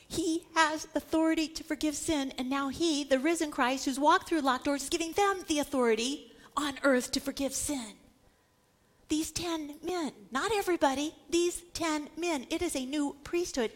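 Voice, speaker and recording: A woman's voice: high-pitched, normal speed, fairly bright tone. A woman giving an emphatic Bible teaching, repeating words for stress and acting out the voices she quotes.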